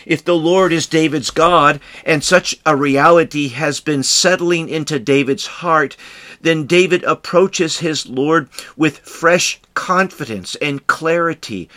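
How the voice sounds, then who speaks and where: A man giving devotional scripture commentary, reading verses aloud and then explaining them in a deliberate way. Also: a little high, bright, forceful tone. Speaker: Bible teacher.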